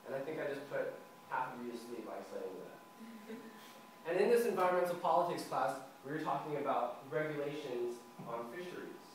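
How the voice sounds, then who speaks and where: Animated young man speaking in an echoey room. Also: mid-range voice, moderate pace, a little hiss or hum. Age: young adult. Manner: animated, acts out dialogues and laughs at own jokes. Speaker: club speaker giving a speech. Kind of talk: prepared public speech. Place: meeting room with a live audience. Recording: echoey room, mic from far off.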